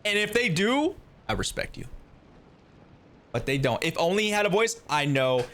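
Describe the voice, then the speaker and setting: A man streaming a reaction to a game, talking casually with animated, exasperated outbursts. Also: high voice, brisk.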